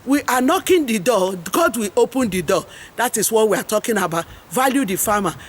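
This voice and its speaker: Speaking a little high and fairly quickly, a middle-aged woman with a Nigerian English accent pours animated energy into a rambling, impassioned monologue. As host and advocate for farmers, she leans on preachy slogans again and again.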